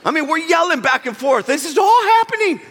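A man preaching a sermon and telling a comic personal story, animated, jumping from shouts to a low, quiet tone. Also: fairly quick. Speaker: pastor. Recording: long hall reverb.

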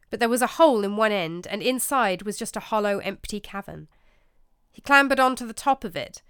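Bright, crisp woman storyteller. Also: mid-range voice, no echo, studio quality. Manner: measured, expressive storytelling. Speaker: narrator. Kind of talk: storybook narration.

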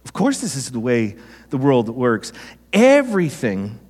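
A man's voice: mid-range voice, wildly swooping pitch, unhurried, a little mellow, husky. A middle-aged man preaching a sermon as pastor, conversational, with self-deprecating asides and stories. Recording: reverberant hall.

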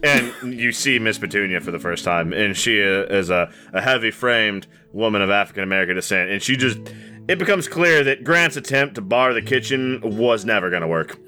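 A man's voice: fairly low pitch, lively intonation, brisk, sharp tone, faint music behind. A man narrating a tabletop game as game master, casual and rambling, with some swearing.

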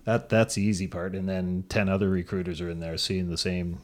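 A man's voice: deep voice, flat delivery, a little fast, a little mellow. A middle-aged man co-hosting a studio sports talk show, telling stories in a rambling way with many fillers and restarts. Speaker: sports show co-host and father of a university athlete. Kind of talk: casual sports talk chat. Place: radio studio.

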